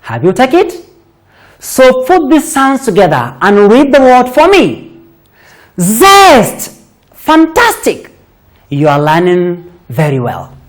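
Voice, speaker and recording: A woman teaching a children's phonics lesson, sounding out words deliberately and praising pupils often. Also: mid-range voice, wildly swooping pitch.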